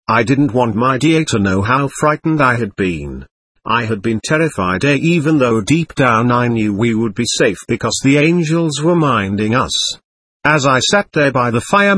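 A man narrating a first-person memoir as an audiobook, in an earnest, measured storytelling manner. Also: mid-range voice, a bit bright, slightly rough, no room sound.

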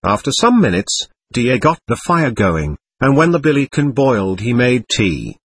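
Casting: a male audiobook narrator, husky, lively pitch, earnest memoir reading. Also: no room sound. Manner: earnest, measured storytelling.

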